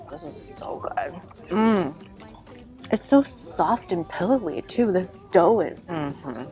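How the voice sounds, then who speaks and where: Woman food vlogger, low voice, eager, murmuring between bites, casual. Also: creaky. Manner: enthusiastic, savoring, murmurs and hums between bites. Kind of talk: casual food tasting vlog.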